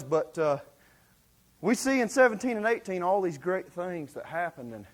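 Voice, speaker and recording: A man preaching a sermon in a folksy, excitable storytelling way, with many fillers, acting out the lines of the people in the story. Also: fairly high pitch.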